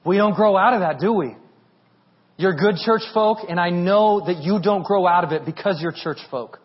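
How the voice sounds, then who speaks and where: A man in his thirties preaching a sermon as a pastor, telling stories in an animated, humorous way. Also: high voice, normal speed, breathy edge, dull audio.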